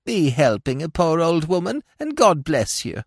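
A man's voice: a little high, huge pitch swings, moderate pace, husky, no room sound, clean studio sound, pitched above the performer's own voice, exaggerated voice. A man voicing a scheming old woman beggar who pleads in a whining, sing-song voice, in a storybook reading.

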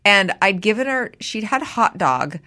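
A woman co-hosting a podcast, chatting casually as a mother and acting out quoted lines in a high, animated voice. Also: measured pace. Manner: animated storyteller who acts out quotes in a high voice. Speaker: podcast co-host. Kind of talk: casual chat.

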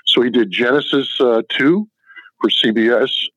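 A man's voice: mid-range voice, measured pace, fairly bright tone, no echo. A man guest telling detailed, anecdote-filled stories in an interview. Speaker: author guest. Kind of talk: interview answers. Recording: dull lo-fi dry recording.

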